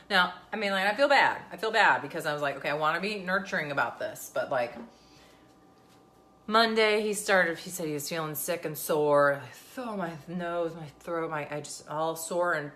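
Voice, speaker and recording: A woman's voice: low voice, animated, normal speed, a bit bright. A woman, talking casually and sarcastically to camera as a vlogger. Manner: chatty, sarcastic, venting.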